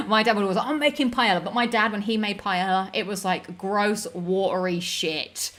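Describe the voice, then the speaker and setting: A woman's voice: mid-range voice, measured pace, a bit bright. A woman hosting a casual stream, reading out chat messages in an upbeat, giggly way with lots of fillers. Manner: chatty, upbeat, giggly, many fillers and restarts.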